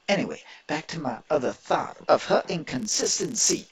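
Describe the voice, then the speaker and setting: A man's voice: a little high, big pitch swings, a little fast, gravelly, hardly any pauses. A man from Indiana hosting his own political reaction video, talking in an emphatic, rambling and opinionated way. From Indiana, USA. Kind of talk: reaction commentary.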